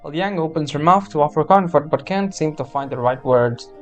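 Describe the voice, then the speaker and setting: Streamer: a man reading game text, chatty, slightly higher voice. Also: moderate pace, soft background music. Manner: chatty, wry commentary.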